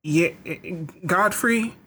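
Give a player describing a character's moves in a tabletop game. The speaker talks slowly and haltingly with lots of "like." The tone is bright and a little tense. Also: medium pitch, breathy edge. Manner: hesitant, awkward, halting.

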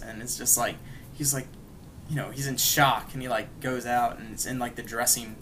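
A man's voice: mid-range voice, fairly even intonation, moderate pace, sharp tone, a little hiss or hum, poor audio. Rambling man retelling a cartoon episode. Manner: rambling, many "like" and "you know" fillers; briefly acts out characters' lines while retelling. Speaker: podcast co-host. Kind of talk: casual chat recapping an episode.

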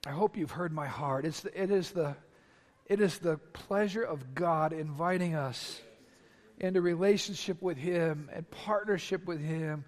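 A man's voice: a little high, measured pace. A man preaching a sermon as pastor, with impassioned, emphatic repetition. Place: large church sanctuary. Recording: long reverb of a large hall.

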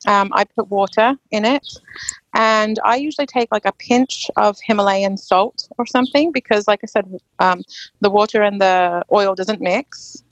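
A woman with an East Anglian English accent answers questions in a relaxed, rambling way, full of ums and restarts. Her voice sits in a middle register. It is recorded close and dry, with no room sound. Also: medium pitch, moderate pace, no echo, highs cut off. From England. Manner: chatty, with frequent ums and restarts. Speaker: host. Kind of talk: casual live Q&A chat.

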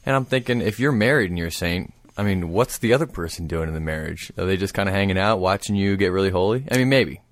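A man's voice: low-pitched, expressive, quick pace, hardly any pauses, dry recording, clean studio sound. A man co-hosting a casual talk show, telling a story with enthusiasm and frequent laughs. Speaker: podcast co-host.

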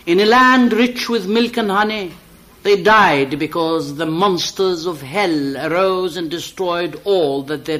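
A man giving an expressive poetry reading, slow and deliberate, rising to loud, high emphatic peaks. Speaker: poetry reader.

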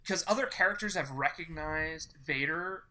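A podcast co-host in casual fan chat, animated and swearing for emphasis, acting out quoted lines. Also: medium pitch, normal speed.

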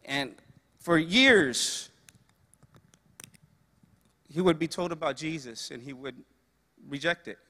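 Male preacher, earnest and repetitive, forceful bright tone, long hall reverb. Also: fairly high pitch, takes it slowly, long pauses. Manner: earnest storytelling with repeated phrases. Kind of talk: sermon.

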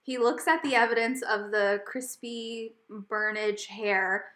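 A woman co-hosting a podcast, telling a story in casual chat, animated and laughing often. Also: on the high side, takes it slowly, roomy sound. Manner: animated, laughing often, gets loud when retelling. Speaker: podcast co-host.

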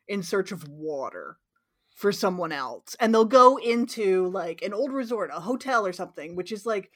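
Lively, swearing woman podcast host. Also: mid-range voice, moderate pace. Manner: animated, swearing, rambling plot recap. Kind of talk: casual film-review chat.

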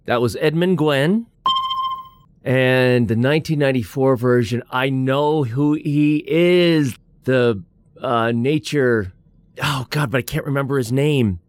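A man from the United States chatting casually in a quiz call, reacting quickly and with feeling. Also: medium pitch, no room sound. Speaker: quiz participant. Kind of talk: casual chat.

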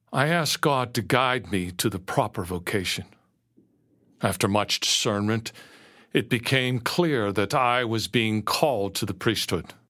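A man narrating a first-person story slowly and earnestly, dropping to a hush at moments. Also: lowish voice. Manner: slow, earnest storytelling with quiet hushed moments.

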